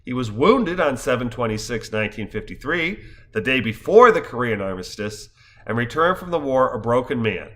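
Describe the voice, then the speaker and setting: A man's voice: medium pitch, sing-song, normal speed, fairly bright tone. A man in his fifties, a stage actor, giving a wry, scripted narration full of wordplay. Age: 50s. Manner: wry, wordplay-laden storytelling.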